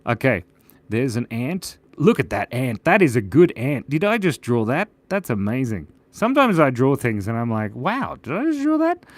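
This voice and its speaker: A young man chats his way through a live drawing stream, laughing at his own sketches. His pitch swings widely and animatedly, and the sound is close and dry with no room echo. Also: sing-song, normal speed. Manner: playful, giggly, chatty, reads out viewer comments. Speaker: drawing livestream host. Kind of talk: casual live drawing chat.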